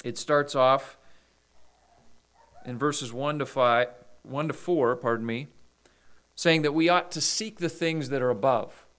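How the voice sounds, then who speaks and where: Man preaching in a clear, smooth voice. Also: mid-range voice, fairly bright tone. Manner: measured preaching with scripture readings and small restarts. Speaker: pastor. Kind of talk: sermon.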